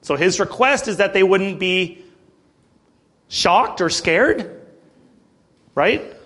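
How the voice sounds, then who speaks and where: Male pastor, high voice, chatty preaching that breaks scripture down plainly. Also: animated, slow pace, a bit bright. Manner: conversational preaching with asides and acted quotes. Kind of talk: sermon.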